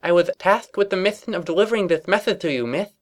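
A man puts on a tiny, timid filly pony from a storybook reading, her voice pitched up very high and squeaky, with a soft lisp. She sounds small, earnest and a little shaky. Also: fast, close to an everyday voice. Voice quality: lisping, squeaky.

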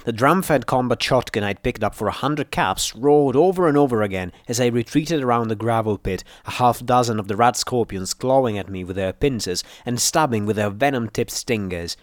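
A man reading a first-person adventure story aloud in a steady, measured way. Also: medium pitch, no echo, clean studio sound. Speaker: audiobook narrator.

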